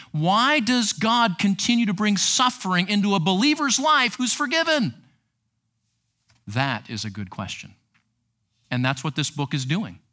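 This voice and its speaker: A man teaching a Bible book to future counselors, reading verses aloud and asking rhetorical questions. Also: fairly high pitch. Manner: animated, reads scripture aloud and asks rhetorical questions. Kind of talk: teaching sermon.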